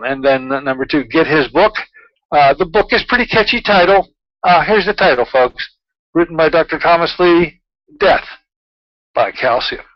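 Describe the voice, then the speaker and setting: Male talk-show host, rambling and chatty, fairly high voice, dry dull lo-fi sound. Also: dry recording. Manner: chatty, rambling, with frequent fillers. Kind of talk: casual talk-show monologue.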